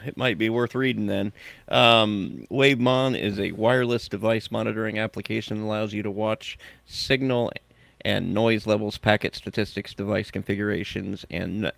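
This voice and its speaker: Gravelly-voiced man hosting a podcast. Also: lowish voice, steady tone, moderate pace, fairly bright tone, no echo. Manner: joking, self-mocking, reads items aloud. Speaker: podcast host. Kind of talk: casual chat and reading tech news.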